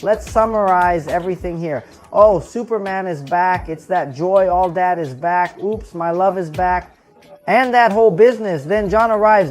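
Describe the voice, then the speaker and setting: A chatty show reviewer gives a casual recap and review of an episode, rambling loosely at a moderate pace. He often tags lines with "right?" and "bro," speaking at a middle pitch over faint music.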